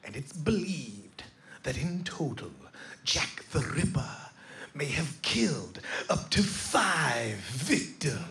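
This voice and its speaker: A man voicing a decrepit little old English tour guide who speaks slowly, in a hushed and ominous way, during a live stand-up set with audience noise. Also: on the high side, very animated, gravelly, pitched below the performer's own voice, heavily acted. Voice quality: hushed, gloomy, slow and ominous.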